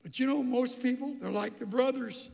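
A man's voice: very high voice, normal speed, gravelly, a little mellow, big-room sound. A man preaching a sermon as pastor, emphatic and repeating phrases for stress.

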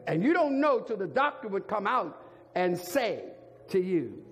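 An older man preaching a sermon as a bishop, driving points home by repeating words and rising to shouts. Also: high voice, sing-song, measured pace. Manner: emphatic repetition, rising to shouts. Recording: long hall reverb, faint organ music.

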